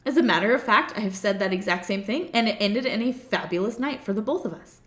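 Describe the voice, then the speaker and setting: Woman coach, animated and playful, bright voice, slightly high, roomy echo. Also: fast talker. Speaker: self-love coach. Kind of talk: motivational talk to camera.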